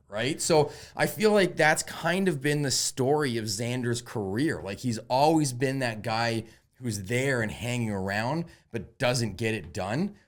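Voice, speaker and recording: A man co-hosting a podcast with his brother, arguing his points in casual, animated chat. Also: medium pitch. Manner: animated, argumentative, casual swearing. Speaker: podcast co-host, golf betting.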